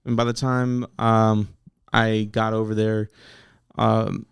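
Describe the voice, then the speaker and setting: A man in a casual interview, telling his story bluntly with plenty of swearing. His voice is smooth and clear, recorded close and dry with no room sound. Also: lowish voice, little pitch movement, slow pace, no echo. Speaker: battle rapper guest.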